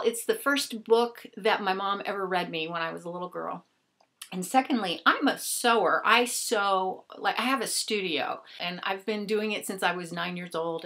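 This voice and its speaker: Woman, book vlogger, chatty and gushing, bright clear tone. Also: medium pitch. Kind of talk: casual book haul chat.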